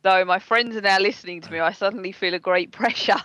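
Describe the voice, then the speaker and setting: A woman's voice: medium pitch, fast talker, bright, forceful tone, dry recording. Giggly South East London woman co-host. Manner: giggly, self-conscious, teasing. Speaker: radio show co-host. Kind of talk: casual internet radio chat.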